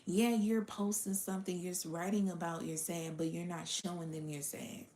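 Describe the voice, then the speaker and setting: A woman's voice: fairly low pitch, little pitch movement, normal speed, mellow. Profane woman giving a spiritual reading. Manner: blunt and profane, drops into whispered asides. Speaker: spiritual reader addressing her audience. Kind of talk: casual spiritual reading monologue. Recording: roomy echo.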